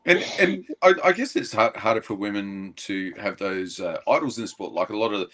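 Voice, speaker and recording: Male co-host, lowish voice, lively, easygoing. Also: fairly quick, crowd noise, poor audio. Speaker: podcast co-host. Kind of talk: casual chat.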